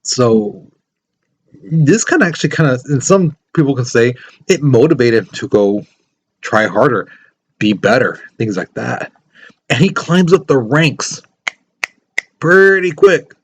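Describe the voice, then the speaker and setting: A man's voice: mid-range voice, lively intonation, a little slow, pauses often, slightly rough. Guy teaching history class, super casual, keeps saying things like that. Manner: conversational, many fillers like "you know" and "things like that".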